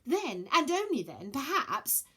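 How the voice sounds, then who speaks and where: A woman voicing a flustered young goddess girl from a storybook, stammering in a high voice. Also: sing-song, unhurried, pushed and bright, heavily acted.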